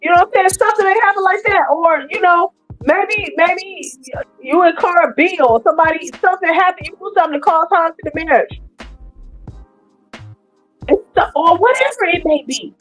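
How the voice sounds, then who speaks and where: A middle-aged woman, commenting casually on a live stream and talking straight to her viewers in an animated way. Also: extremely high pitch, moderate pace, faint music behind, poor audio.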